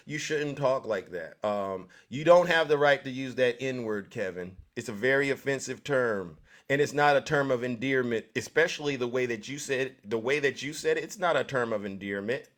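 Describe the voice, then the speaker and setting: A man's voice: on the high side, fairly bright tone. Man ranting on a live stream. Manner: preachy, repetitive, addresses audience directly. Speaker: livestream host. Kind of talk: live-stream political commentary.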